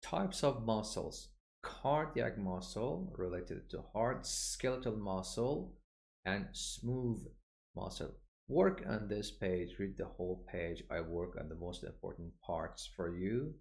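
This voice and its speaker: A man with a very low voice teaches medical terms in a recorded online lesson. He speaks slowly and patiently, explaining each word and saying it again so learners can copy the pronunciation. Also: expressive, creaky, a little mellow. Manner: explanatory, with frequent "uh" fillers. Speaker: English vocabulary teacher.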